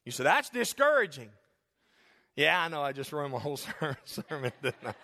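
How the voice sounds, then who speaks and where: Emphatic high-voiced preacher in a hall. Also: male voice, very animated, fairly quick, sharp tone. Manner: emphatic, call-and-response preaching with jokes. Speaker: pastor. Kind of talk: sermon. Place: church sanctuary.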